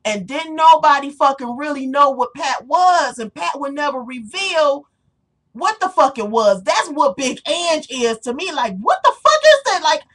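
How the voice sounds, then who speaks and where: Blunt, profane woman ranting on webcam. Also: high voice. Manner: blunt, profane and animated, with sharp rhetorical questions. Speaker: webcam vlogger. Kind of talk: casual webcam rant.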